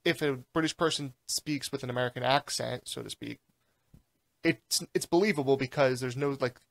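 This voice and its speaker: A man's voice: medium pitch, normal speed, creaky. A man co-hosting a casual movie podcast, opinionated and explaining his views at length. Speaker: podcast co-host. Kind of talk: casual chat.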